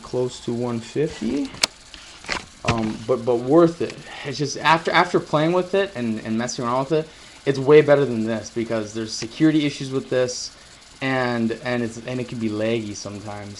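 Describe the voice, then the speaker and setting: A man chatting casually to viewers on a live stream, rambling and swearing now and then. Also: mid-range voice. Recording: roomy echo, faint noise.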